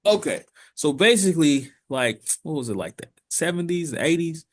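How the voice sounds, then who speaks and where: A podcast co-host with a slightly high, animated voice chats casually at normal speed, telling profane stories packed with comic voices.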